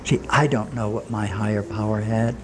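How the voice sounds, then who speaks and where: A man's voice: on the low side, fairly even intonation, normal speed, a little hiss or hum. A man telling his own recovery story to a meeting audience, in plain talk full of quoted dialogue and dry jokes. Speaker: speaker sharing at a recovery meeting. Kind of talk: personal recovery story told to a live audience. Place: meeting room with a live audience.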